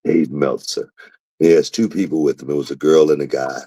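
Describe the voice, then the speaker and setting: Podcast host, male, deep voice, lively storyteller who acts out what others said. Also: a little fast, breathy edge, no room sound, low-quality recording. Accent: Southern US. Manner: animated storyteller, acts out quotes with jumps in pitch. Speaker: podcast host, former wrestler. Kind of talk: casual storytelling.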